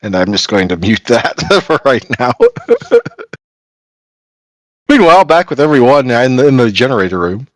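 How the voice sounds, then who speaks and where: A man's voice: mid-range voice, huge pitch swings, normal speed, long pauses, no echo. A man running a tabletop game as game master, narrating playfully and laughing often.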